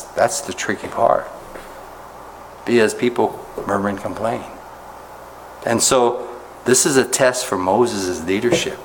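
A man's voice: a little hiss or hum, low-quality recording. Conversational preaching man, rhetorical questions. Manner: animated rises in pitch when making a point. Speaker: pastor. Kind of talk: expository sermon.

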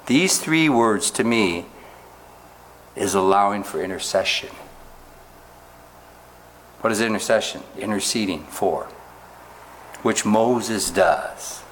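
A man preaching a sermon, reading scripture aloud slowly and stopping often to ask his listeners rhetorical questions. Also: on the low side, lively intonation, slight background noise. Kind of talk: sermon, Bible teaching.

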